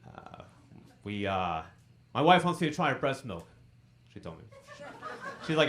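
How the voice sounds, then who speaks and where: A man in his forties performs stand-up at a comedy club into a handheld mic. His pitch swings widely as he tells stories, jumping up loud whenever he acts out a line. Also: normal speed, pauses often, a little hiss or hum. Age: 40s. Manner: animated storytelling, acts out quotes in bursts.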